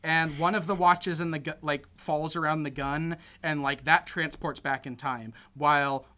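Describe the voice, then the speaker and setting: A man's voice: on the high side, steady tone, normal speed, bright, forceful tone. A young man casually recapping a film plot, rambling with lots of "like" and "you know" and acting out the characters' lines. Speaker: podcast co-host recapping a film. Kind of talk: casual chat.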